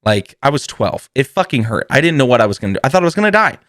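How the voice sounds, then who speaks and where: A man's voice: mid-range voice, sing-song, rapid-fire, a bit bright, dry recording, studio quality. A man hosting a podcast, telling a comedic story in a rambling way, swearing freely and laughing often. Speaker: podcast host.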